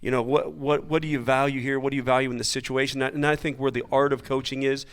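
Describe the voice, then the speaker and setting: A man coaching baseball, talking on a coaches' panel in a halting, searching way, often repeating words. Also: medium pitch, flat delivery, fairly bright tone. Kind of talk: casual panel chat.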